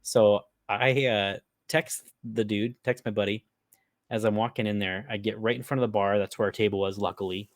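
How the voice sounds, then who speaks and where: A man with an Upper Midwest American accent and a fairly low, steady voice co-hosts a podcast, recorded dry with clean studio sound. At normal speed he rambles through a long prank story, laughing and swearing freely as he goes.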